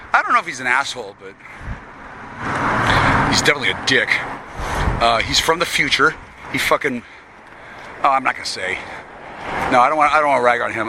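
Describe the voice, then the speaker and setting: A man's voice: mid-range voice, expressive, normal speed, long pauses. A man rambling and swearing constantly while walking along a town street, talking to an unseen listener he calls sweetie. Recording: loud street and traffic noise.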